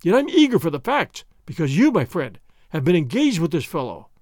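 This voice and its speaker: A man puts on a soft-spoken young gentleman who needles with polite innocence. The voice sits high and swings freely. It is heard close and dry, as in a storybook reading. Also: very animated, brisk, no room sound. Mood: needling, mock-innocent. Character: mild, teasing young nobleman, languid and polite.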